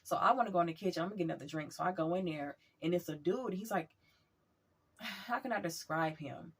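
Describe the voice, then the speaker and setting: Woman vlogger, husky voice, chatty storyteller. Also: fairly low pitch, quick pace. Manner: chatty, animated retelling with acted quotes. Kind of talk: casual storytelling.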